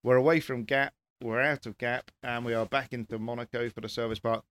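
A man chatting as a rally pundit on a panel, lively, with many restarts. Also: mid-range voice, a little fast. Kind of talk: casual panel chat.

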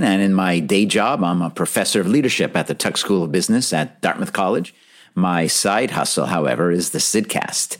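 A man hosting a podcast, reading an earnest, enthusiastic scripted introduction. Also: lowish voice. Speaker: podcast host.

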